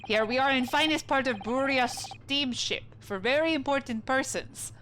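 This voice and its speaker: A woman voicing a rude, gruff male ship's guard who speaks broken English, recorded with background noise. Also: mid-range voice, normal speed, fairly bright tone, natural voice. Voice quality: broken English, blunt and hostile.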